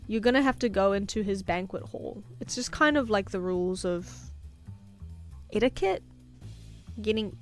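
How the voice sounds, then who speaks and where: A woman art streamer with a non-American English accent chatting casually and jokily while she draws. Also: medium pitch. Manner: chatty, rambling, jokey, with frequent laughs and fillers. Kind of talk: casual live-stream chat while drawing.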